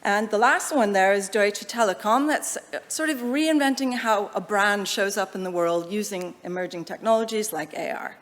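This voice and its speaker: An American woman speaks at a conference, her delivery lively and moving between slow and quick stretches. Her voice sits at a middling pitch. The sound carries a long reverb from a large hall. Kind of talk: conference presentation. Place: lecture hall.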